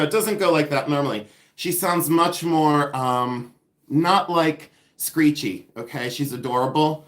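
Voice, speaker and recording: A man's voice: fairly high pitch, unhurried, fairly bright tone. A man with a slightly raised voice hosts a casual livestream from home. He talks in a chatty, sassy way and pokes fun at himself as he goes. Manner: sassy, chatty, self-mocking humor. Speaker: live-stream jewelry reseller host.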